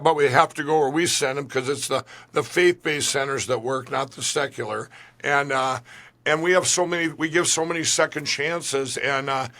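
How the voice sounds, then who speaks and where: A man's voice: on the high side, bright, forceful tone. A man being interviewed, telling a long personal story in a rambling way, full of restarts. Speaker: guest. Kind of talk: conversational interview.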